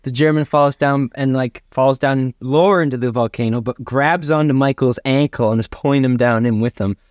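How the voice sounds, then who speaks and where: A man's voice: medium pitch, moderate pace, dry recording, clean studio sound. A man improvising a comedy adventure story as a podcast host. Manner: animated, laughing narration.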